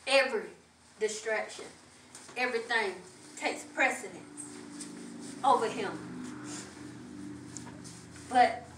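A woman's voice: a little high, takes it slowly, pauses often, a bit bright, slight background noise. A middle-aged woman preaching a sermon with a fervent, repetitive cadence, heard in a church. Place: church sanctuary. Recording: echoey room from far off.

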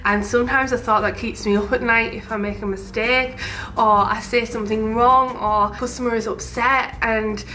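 A woman's voice: on the high side, steady tone, normal speed, sharp tone, a little hiss or hum. A young woman with a Teesside accent from northeast England, chatting casually about her shop while tasting sweets. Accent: Teesside English. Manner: bubbly, chatty, gushing. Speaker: shop owner and vlogger.

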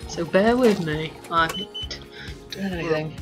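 A young woman chats her way through a life-simulation game at an unhurried, drawn-out pace. She rambles and giggles, thinking aloud between long pauses, with faint music under her voice. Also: lowish voice. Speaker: let's play host. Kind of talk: casual gameplay commentary.

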